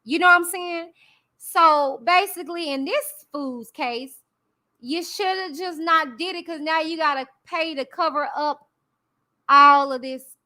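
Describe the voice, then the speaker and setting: A young woman vlogger with a high, piercingly bright voice. She talks to her viewers in a chatty, slangy way, taking her time as she reads a legal document aloud and drifts into unhurried commentary. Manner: chatty, addresses viewers directly, slangy asides. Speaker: YouTube commentary host. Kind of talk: casual commentary reading a court document aloud.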